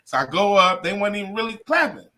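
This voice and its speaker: A middle-aged comedian from Detroit telling a story in a casual interview, laughing often and cursing freely. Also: male voice, sits high, very animated, fast, bright, forceful tone. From Detroit, USA. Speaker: comedian guest.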